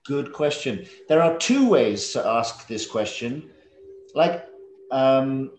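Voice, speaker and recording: A man in his fifties from England, with a London accent, teaches a school English lesson over a video call. His mid-range voice is expressive and darkish, and he speaks slowly, joking in a friendly way and drawing students out with questions. The room sounds echoey.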